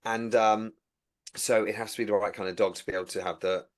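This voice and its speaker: A man's voice: lowish voice, brisk. A man chatting casually about training agility dogs, acting out what he says to them as he tells it. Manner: animated storytelling, acts out what he says to his dogs. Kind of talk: casual chat.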